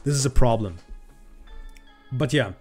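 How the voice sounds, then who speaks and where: A man's voice: mid-range voice, measured pace, a little mellow, slightly rough. A man chatting on a livestream in a casual, profane, ranting way that grows heated. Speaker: streamer. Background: faint background music.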